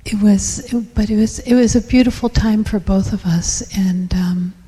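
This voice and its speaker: A woman sharing a personal story in a group, soft and hushed, reflective, with many pauses. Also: mid-range voice, husky, big-room sound.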